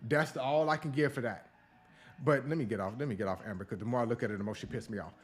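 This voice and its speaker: A man's voice: medium pitch, quick pace. Male podcast host, blunt, profane, ranting commentary, faint background music. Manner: blunt, profane, animated rants. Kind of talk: casual opinion commentary.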